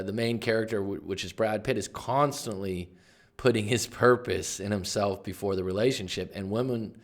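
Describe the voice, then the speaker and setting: Low-voiced man coaching emphatically. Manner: emphatic, conversational, with sudden loud bursts. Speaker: life coach. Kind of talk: casual explanatory book commentary.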